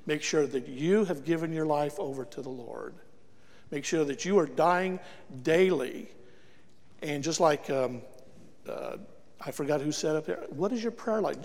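Gravelly preacher in a reverberant hall. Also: male voice, on the high side, darkish tone. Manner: emphatic, rhetorical questions to the congregation. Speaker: guest preacher. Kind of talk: sermon with altar call. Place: church.

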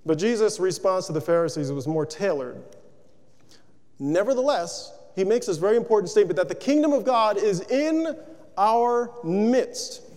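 A man with a high, mellow voice delivers a sermon to his congregation. He talks it through casually, asking question after question. His words ring out with the long reverb of a hall. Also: moderate pace. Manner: asks rhetorical questions, conversational and animated. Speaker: preacher.

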